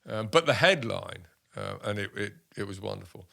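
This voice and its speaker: Older british army vet guy, low gravelly voice, telling stories all lively with lots of restarts. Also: moderate pace. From United Kingdom. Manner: animated anecdotes with many restarts and voiced quotes. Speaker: army veteran guest. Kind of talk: casual storytelling interview.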